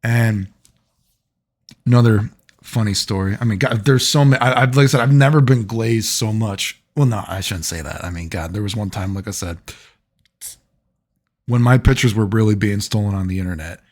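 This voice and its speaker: A man's voice: on the low side, moderate pace. A man vlogging, telling personal stories in a loose, rambling way, full of fillers and frequent laughter. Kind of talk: casual rambling storytelling.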